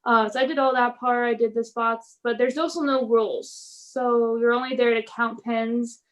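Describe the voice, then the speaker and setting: A woman's voice: fairly high pitch, normal speed. Chatty woman wrestler telling stories. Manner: animated storytelling, acts out quotes, laughs often. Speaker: pro wrestler guest. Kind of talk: casual interview chat.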